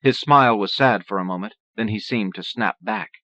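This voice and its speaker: A male audiobook narrator with a low voice reads in a steady, measured way. The sound is dry, with no room around it. Its muffled, lo-fi tone recalls old cassette audio. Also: no echo.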